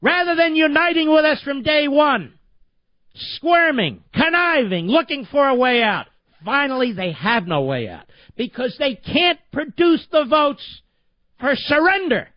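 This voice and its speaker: A man's voice: extremely high pitch, sing-song, unhurried, dry recording, highs cut off. A man hosting a talk radio show, delivering an indignant, emphatic political monologue full of repetition.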